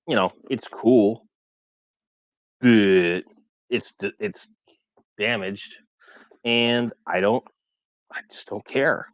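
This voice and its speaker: A man's voice: mid-range voice, fairly bright tone, dry recording. A man hosting a toy collecting livestream, chatting casually and reading viewer comments aloud in a rambling way.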